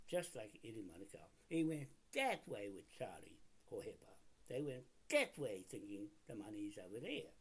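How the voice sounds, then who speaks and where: A man's voice: mid-range voice, gravelly, a little mellow, breathy edge. A man delivering a combative monologue, talking straight at the people he blames and repeatedly asking rhetorical questions. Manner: combative, addresses targets directly; repetitive, asks rhetorical questions. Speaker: video blogger. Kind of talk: ranting monologue to camera.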